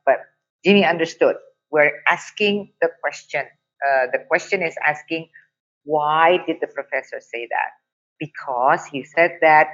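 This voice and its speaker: An Indonesian-accented woman teaches over a video call, speaking slowly and deliberately. She keeps checking in with her students, asking "okay?". The webinar audio is dull and lo-fi. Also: lowish voice. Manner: code-switching, checks in often with "okay?". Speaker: TOEFL prep teacher. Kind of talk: online webinar lesson. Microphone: computer mic on a video call.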